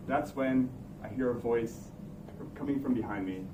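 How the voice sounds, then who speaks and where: A man's voice: medium pitch, unhurried. A young man, telling a comic personal story on stage in a wry, suspense-building way. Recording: echoey room, distant mic, background noise. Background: room ambience noise.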